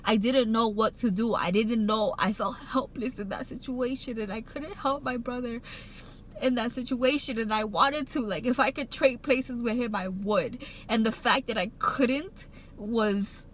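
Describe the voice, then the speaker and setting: A woman's voice: a little high, a little slow, a bit bright, slight background noise, rough recording. A woman vlogger telling a heartfelt personal story, rambling with many fillers and restarts, emotional and choked up at times. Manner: emotional, getting choked up while recounting.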